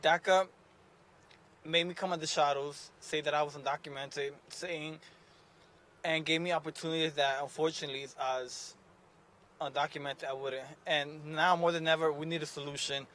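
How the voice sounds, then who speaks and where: A young man speaking at an outdoor rally as named plaintiff, halting and emotional, moving between English and Spanish. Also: fairly high pitch, flat delivery, bright, forceful tone, a little hiss or hum. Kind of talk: emotional public speech. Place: outdoor rally outside a courthouse.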